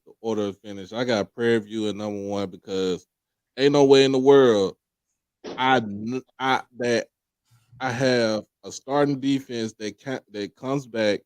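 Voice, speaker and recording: A man co-hosting a casual sports live stream, reasoning out loud in a rambling way with lots of fillers. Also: medium pitch, unhurried, smooth, no echo, rough recording. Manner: rambling, thinks aloud with fillers. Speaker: co-host.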